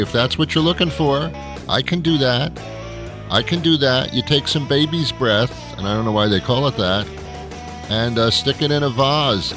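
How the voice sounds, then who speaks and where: A man hosting his talk show in a casual rambling monologue, sardonic and grumbling, with many fillers and restarts. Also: medium pitch.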